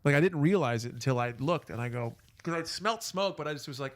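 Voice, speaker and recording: A man's voice: fairly high pitch, quick pace, no room sound. Rambling storytelling man, dry room. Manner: rambling, animated anecdote with profanity and restarts. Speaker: podcast host. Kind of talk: casual storytelling on a podcast.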